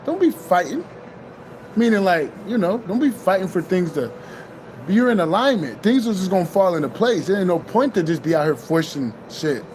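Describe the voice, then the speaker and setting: High-voiced man giving a profane pep talk. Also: expressive, fairly quick, darkish tone, a little hiss or hum. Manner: loose, profane, repeats himself. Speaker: spiritual vlogger. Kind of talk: casual spiritual pep talk.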